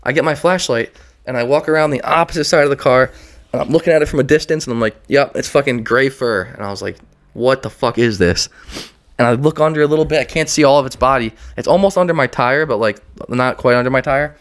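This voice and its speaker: A man's voice: mid-range voice, quick pace. A man co-hosting a casual chat from home, telling loose stories with lots of swearing. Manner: loose storytelling, heavy swearing. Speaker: podcast co-host. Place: house with windows open.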